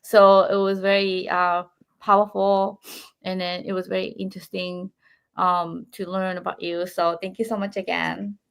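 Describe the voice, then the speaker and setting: A woman hosting a podcast signs off, thanking her guest and her listeners with a few hesitant fillers. Her voice has a strong gravelly fry under a mid-range pitch. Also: level tone, moderate pace. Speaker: podcast host. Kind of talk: interview wrap-up.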